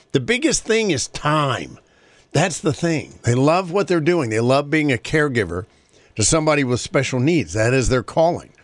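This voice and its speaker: A man with a slightly high voice hosts a talk show, reading a moving story aloud before talking earnestly about helping caregivers. His manner is sincere and conversational, and the recording has no room sound.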